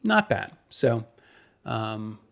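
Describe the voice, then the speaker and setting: A man's voice: lowish voice, very slow, gravelly. Man reading race standings. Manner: steady, with frequent ums and uhs. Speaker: podcast co-host. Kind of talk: casual podcast chat, reading standings and weather.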